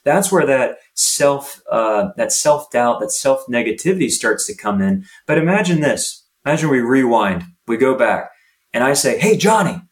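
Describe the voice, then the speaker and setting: A man's voice: mid-range voice, normal speed. A man, a youth soccer coach, speaking as a podcast guest and acting out what coaches and players say. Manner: animated storytelling, acts out coach and player lines. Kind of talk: podcast interview.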